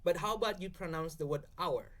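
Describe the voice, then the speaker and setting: A man's voice: on the high side, brisk, fairly bright tone. Indonesian-accented young man explaining. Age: young adult. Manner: explanatory, keeps checking in with "okay?". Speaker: podcast guest speaker. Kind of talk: casual explanatory podcast talk.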